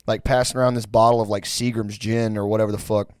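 A man's voice: fairly low pitch, level tone, fast, a little mellow, clean tone, dry recording. Crude rambling man from Houston, dry sound. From Houston, Texas. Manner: crude, rambling, heavy on filler words. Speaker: storyteller. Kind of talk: casual storytelling.

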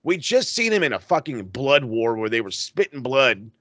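A man's voice: medium pitch, big pitch swings, normal speed, a bit bright, no echo. A man hosting a podcast, recapping wrestling in casual, profane, rambling chat. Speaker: podcast host.

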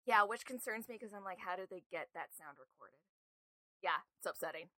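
Woman cohost with a bright crisp voice, dry close sound, acts out scenes as she tells them. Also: mid-range voice, brisk, dry recording. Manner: animated scene retelling, laughs often. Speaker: podcast co-host. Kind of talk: casual chat.

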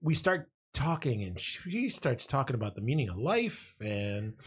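A man casually telling a funny personal story to friends, animated and swearing, often laughing as he talks. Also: medium pitch, measured pace, slightly rough. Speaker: podcast co-host telling a story.

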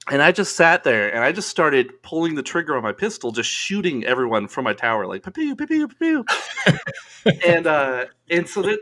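Male podcast guest, casual storyteller, profane and quick to laugh. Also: mid-range voice. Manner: laughing, swearing, animated storyteller.

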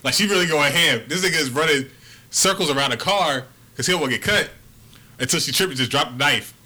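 Bright-voiced young man telling a wild story. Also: fairly high pitch, fast talker. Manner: profane, animated, acts out quotes. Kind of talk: casual storytelling among friends.

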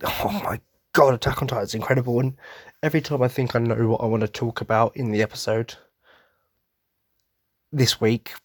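A man's voice: medium pitch, fairly even intonation, brisk, long pauses, no room sound, clean studio sound. A young man hosting a casual solo podcast, chatty and rambling, sounding tired. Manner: rambling, self-interrupting and chatty. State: tired from little sleep. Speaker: podcast host.

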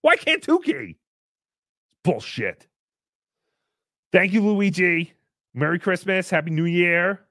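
A man's voice: sits high, sing-song, slow, long pauses, pushed and bright, no echo, studio quality, heavily acted. A man voicing a brash, foul-mouthed puppet who hosts a live-stream show, reading paid messages with crude, sarcastic asides. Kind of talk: live-stream character chat.

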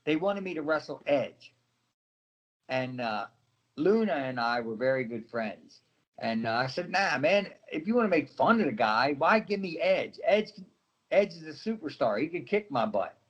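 A man's voice: on the high side, very animated, normal speed, a bit bright, dull audio. A middle-aged man, a former wrestler, telling stories in a casual interview and acting out other people's voices as he goes.

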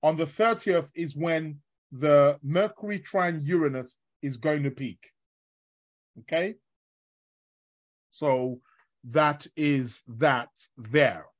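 A man hosting an astrology show live from his bed while ill with covid, rambling and chatty with lots of fillers and shout-outs to listeners. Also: a little high, takes it slowly, pauses often. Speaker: astrology podcast host. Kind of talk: casual live-stream talk.

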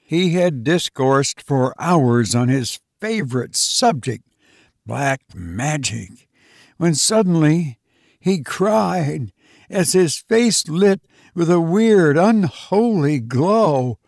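A male audiobook narrator reading a story in a slow, deliberate way. His voice has a gravelly grain and sits a touch high for a man. The sound is dry and close. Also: lively intonation, darkish tone, no echo. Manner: measured, deliberate. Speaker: audiobook reader.

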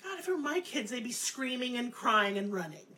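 A middle-aged woman retells a fairy tale with crude, sarcastic humor. Her fairly high voice swoops up and down as she talks. She speaks as a podcast host. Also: big pitch swings, a little fast, pushed and bright. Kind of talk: profane comedic storytelling.

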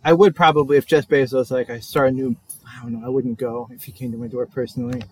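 A man's voice: medium pitch, flat delivery, fast talker, breathy edge. A man co-hosting a podcast, trading wry jokes and banter in a casual chat. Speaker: podcast co-host.

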